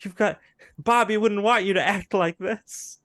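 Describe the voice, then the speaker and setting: A man's voice: sits high, measured pace, fairly bright tone, no echo, clean studio sound, pitched above the performer's own voice. Man playing a distraught old soap-opera matriarch. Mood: pleading. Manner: pleading, dramatic.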